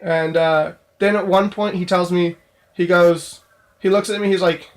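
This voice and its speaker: A man's voice: sits high, fairly even intonation, measured pace. A young man casually telling a story from his job in a vlog, rambling with lots of fillers and restarts. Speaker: store clerk telling a work story.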